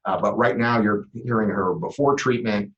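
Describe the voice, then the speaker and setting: A man giving a classroom lecture, explaining at a relaxed pace with lots of "uh" fillers. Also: lowish voice, normal speed, lo-fi sound.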